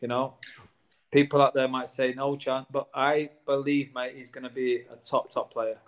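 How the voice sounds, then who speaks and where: A former footballer talking casually in an interview, earnest and warm toward the players, tacking "mate" onto his sentences. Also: mid-range voice, level tone, normal speed. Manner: earnest, says "mate" a lot.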